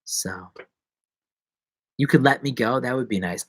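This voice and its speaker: A man's voice: measured pace, fairly bright tone, husky. A man chatting casually and rambling playfully on a solo livestream. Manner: rambling, playful, drops to whispers and jumps to squeaky voices. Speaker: livestreaming vlogger.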